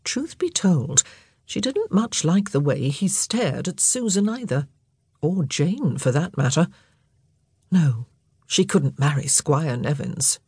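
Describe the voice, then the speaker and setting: A woman narrator reading a novel in a measured, storytelling voice. Her tone is low and mellow with a husky grain, recorded close in a dry booth. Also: no room sound. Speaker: audiobook narrator. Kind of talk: scripted narration.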